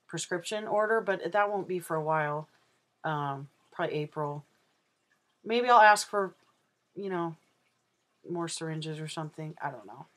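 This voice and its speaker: A man's voice: fairly high pitch, fairly bright tone. A trans man talking casually in a personal video diary, rambling and candid with plenty of ums and uhs. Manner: rambling and unhurried, with many ums. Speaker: vlogger.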